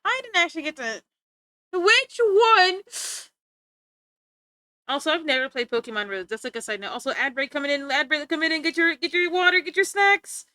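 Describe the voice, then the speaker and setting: A woman's voice: sits high, animated, fast talker, few pauses, pushed and bright, no echo, studio quality. A young woman streamer chatting playfully with her viewers, teasing and giggling as she talks. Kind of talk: casual chat with stream viewers.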